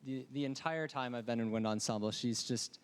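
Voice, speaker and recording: A man's voice: mid-range voice, a little fast, smooth. A young man from the wind ensemble giving an earnest, appreciative tribute speech to his teacher. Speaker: student speaker in wind ensemble.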